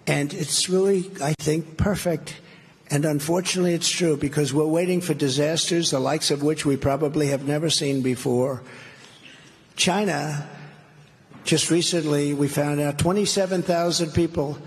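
A man gives a political speech, hammering his points with repeated phrases and boasting now and then. His voice sits a little high. A long reverb trails every line, as in a big hall. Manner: repetitive, emphatic, boastful. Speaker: speaker.

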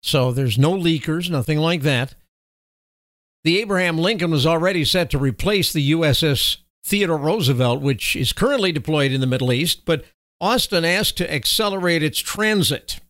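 A man hosting political commentary, reading news items in a formal, steady way and breaking off into sarcastic, scornful remarks. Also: on the high side, moderate pace, dry recording. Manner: sarcastic, scornful asides with chuckles; reads official text in a steady, formal delivery.

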